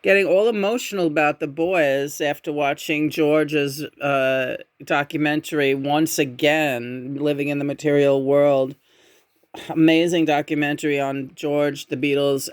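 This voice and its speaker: A woman giving a casual tarot reading in a musing, meandering way, often humming softly between thoughts. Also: deep voice, no echo. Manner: meandering, musing, with frequent murmured hums. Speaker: tarot reader.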